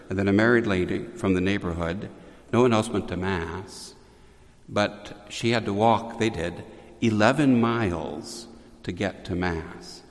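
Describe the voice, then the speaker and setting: A man preaches a storytelling sermon in a slow, deliberate cadence, his voice sitting on the low side. He breaks off now and then for dry asides. A long reverb rings out behind him, like a large church. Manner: slow, measured, with wry asides.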